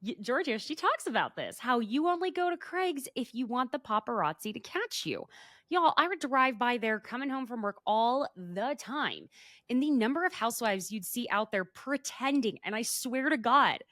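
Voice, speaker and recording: A woman's voice: fairly high pitch, normal speed, no room sound, studio quality. A woman co-hosting a podcast, chatting casually and laughing often as she dishes gossip. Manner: chatty, animated, laughs often, says y'all. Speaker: podcast co-host.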